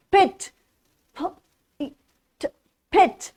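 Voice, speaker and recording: A woman with an Indian English accent teaches phonics to small children, spelling each word out letter by letter. Her voice is high and swoops up and down in a lively way. She speaks slowly and often asks the child questions. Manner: slow, sing-song spelling out of letters. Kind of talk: phonics lesson for young children.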